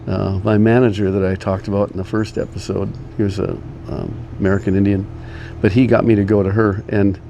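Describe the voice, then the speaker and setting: A man's voice: fairly low pitch, flat delivery, creaky, warm tone, a little hiss or hum. An older man telling rambling personal stories in a casual, meandering way, chuckling often. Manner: meandering, chuckling, many pauses. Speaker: storyteller. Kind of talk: casual storytelling.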